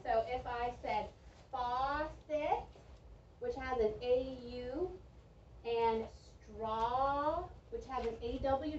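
A slightly high-voiced woman teaches young children to read, drawing out words and praising their answers. She sounds distant and dull, picked up by a camera across an echoey classroom with a faint hum of room noise. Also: darkish tone. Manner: slow, clear, encouraging teacher talk with drawn-out words. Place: school classroom.

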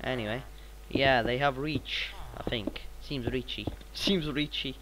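A teenage boy, sounding a little sick, narrating his gameplay in a rambling, excitable way with sudden bursts of repeated exclamations. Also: mid-range voice, measured pace, background noise. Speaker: gaming channel host. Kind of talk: gameplay commentary.

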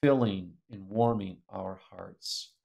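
A middle-aged man in an interview, telling a story in an animated way and laughing as he reads old letters aloud. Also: lowish voice, slow, vocal fry, highs cut off. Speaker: author and speaker.

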